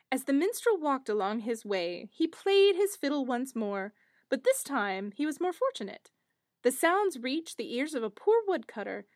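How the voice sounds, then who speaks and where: Brief: woman storyteller, high and very animated, dry close sound. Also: no echo. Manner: expressive, lively storytelling. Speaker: narrator. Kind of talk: storybook narration.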